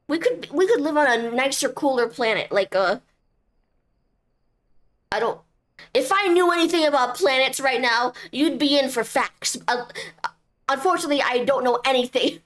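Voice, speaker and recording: A woman's voice: sits high, moderate pace, pauses often. A young woman streaming a game, chatting in a goofy, rambling, playful way. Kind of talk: casual game commentary.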